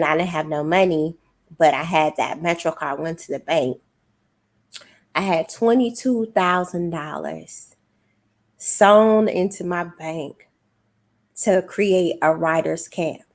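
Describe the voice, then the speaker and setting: Low-voiced woman telling a personal story. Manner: emotional, testimonial storytelling with quoted voices. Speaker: guest author. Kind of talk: casual podcast storytelling.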